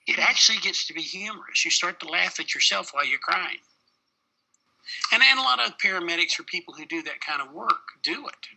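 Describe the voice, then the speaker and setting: A man's voice: fairly high pitch, creaky, sharp tone, husky, rough recording. A middle-aged man, a paramedic, telling a personal story in an interview, plain-spoken with many fillers.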